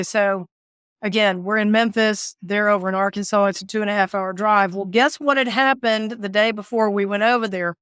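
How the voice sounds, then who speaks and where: A woman guest recounts her experience with animated, expressive storytelling and frequent laughter. Her voice sits at a middle pitch. The sound is dry and close, with no room echo. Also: smooth. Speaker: guest, author and former caregiver. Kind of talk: storytelling interview.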